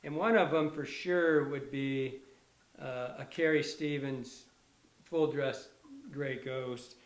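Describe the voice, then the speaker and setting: A man's voice: medium pitch, fairly even intonation, slow, echoey room. A middle-aged man casually demonstrating fly tying, rambling and restarting his sentences with enthusiasm. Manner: rambling, self-correcting, enthusiastic. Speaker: fly tier, instructor. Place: fly shop tying bench.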